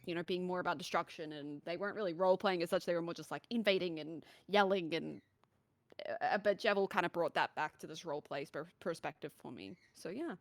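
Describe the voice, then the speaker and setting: A woman guest on a casual Q&A stream, speaking earnestly with halting restarts. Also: fairly low pitch, dry recording. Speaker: panel guest. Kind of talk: casual livestream Q&A.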